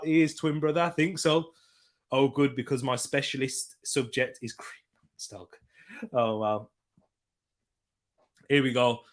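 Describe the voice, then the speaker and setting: Young guy doing a football watchalong, bright voice, gets hyped then goes quiet reading chat. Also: mid-range voice. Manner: excitable, switches between loud hype and quiet chat reading. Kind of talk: live match commentary and chat reading.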